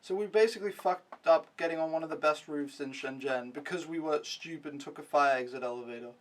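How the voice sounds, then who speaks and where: A man's voice: a little high, brisk, recorded from a distance. A young man vlogging a casual, rambling recap, mocking himself and swearing freely.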